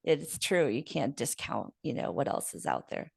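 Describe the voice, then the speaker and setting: A woman from Florida hosting a relaxed podcast interview, easygoing and laughing often. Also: extremely low pitch, normal speed, vocal fry, breathy edge, no echo, studio quality. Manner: relaxed, laughs easily, many fillers. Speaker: podcast host. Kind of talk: casual interview. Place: lives in Southern California.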